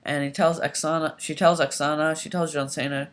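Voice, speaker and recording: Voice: mid-range voice, fairly quick. Rambling YouTuber recapping a wrestling show. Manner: rambling, hesitant, heavy on um and like; excitable, gets loud when worked up. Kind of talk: casual spoken show recap.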